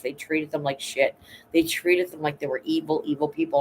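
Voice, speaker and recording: On her casual livestream, a middle-aged Canadian host greets viewers by name and chats with blunt emotion, cursing frequently. She talks fast in a low, steady, slightly mellow voice. The audio is rough, with a little hiss or hum.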